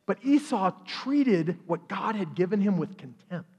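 Animated preaching man in a reverberant church. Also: high voice, husky, dull audio. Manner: animated storytelling, acts out characters in quick voices. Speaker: pastor. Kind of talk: sermon. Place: church sanctuary.

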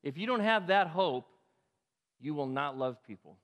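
Impassioned pastor preaching in a reverberant hall. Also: male voice, a little high, lively intonation, normal speed. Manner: impassioned, rising to emphatic peaks and dropping to quiet asides. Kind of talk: sermon. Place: church sanctuary.

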